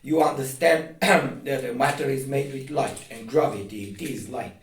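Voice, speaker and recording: A man's voice: mid-range voice, moderate pace. Insistent man talking from across a roomy space. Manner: repetitive, restarts often, insistent. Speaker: video host. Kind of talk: casual explaining to camera. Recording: roomy echo, distant from mic.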